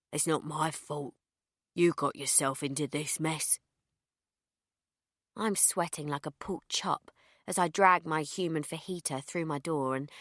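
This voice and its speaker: A young woman narrates in the first person in a fairly low voice. Her delivery is deadpan, letting dark jokes land flatly. The recording is dry and close, with no room sound. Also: no room sound. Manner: deadpan, darkly comic asides. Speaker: audiobook narrator.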